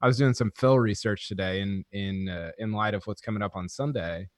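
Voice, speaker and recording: A man's voice: lowish voice, a little fast, no room sound, clean studio sound. A man who writes about golf, chatting on a podcast and telling stories in a wry, self-amused way. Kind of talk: casual podcast chat.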